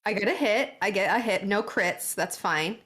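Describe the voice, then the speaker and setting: A woman playing a tabletop game, chatting casually, blunt and quick to swear. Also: mid-range voice, a bit bright. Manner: blunt and joking, swears freely. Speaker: player.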